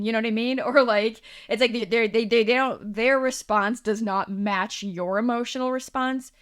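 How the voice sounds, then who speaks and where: A woman who is a healing practitioner hosts her own podcast in a solo monologue, chatting casually with lots of "likes" and "ums" and acting out quoted voices. Her medium-pitched voice is animated and clean-toned, at normal speed with few pauses. The studio sound is clean with no echo.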